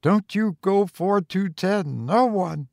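A man's voice: sits high, slow pace, gravelly, darkish tone, dry recording, studio quality, voice pushed up, exaggerated voice. A man voicing a frightened old gardener who pleads in a folksy rural dialect. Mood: fearful.

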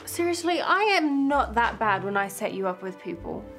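A woman's voice: mid-range voice, very animated, moderate pace, fairly bright tone, soft background music. An actress playing a young woman who sets people up on dates and sounds defensive and insistent. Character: pushy matchmaking young woman. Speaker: character in a comedy series.

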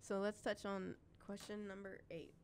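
A woman's voice: medium pitch, fairly even intonation, moderate pace, a little hiss or hum. A woman co-hosting a casual chat, talking with chatty enthusiasm and frequent laughs. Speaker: podcast co-host, wildlife sanctuary keeper.

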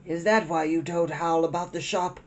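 A storyteller voicing a sharp, practical old woman with a dry, brisk, skeptical way of talking, with music behind. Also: mid-range voice, fairly even intonation, voice pushed up, close to an everyday voice.

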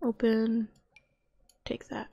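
Slow-talking woman narrating her game. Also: a little high, completely flat delivery, gravelly, warm tone, breathy edge, highs cut off. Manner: chatty, talks to her game characters, mutters to herself. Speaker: gaming youtuber. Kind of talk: casual let's-play commentary.

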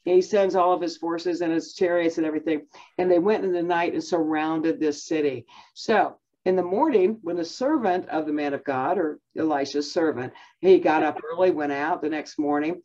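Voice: medium pitch, moderate pace, darkish tone, dull audio. A Bible teacher giving a conversational lesson, talking in a chatty way with many fillers and self-restarts.

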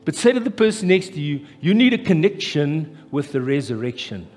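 A man with a South African accent preaching a live sermon as pastor, impassioned and rising to loud, emphatic peaks. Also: on the high side, sing-song, brisk. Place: church hall, live. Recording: echoey church hall with faint music.

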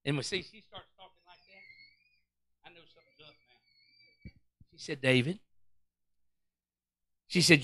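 Man, preacher, lively storytelling, high and bright voice, church sermon. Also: measured pace, pauses often, no echo. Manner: animated, acts out quotes, Pentecostal call-outs. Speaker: pastor.

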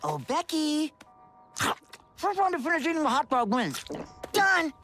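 A woman's voice: high voice, sing-song, measured pace, fairly bright tone, faint music behind, exaggerated voice. An actress voicing a gleeful, boastful little boy in a cartoon. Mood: gleeful boasting.

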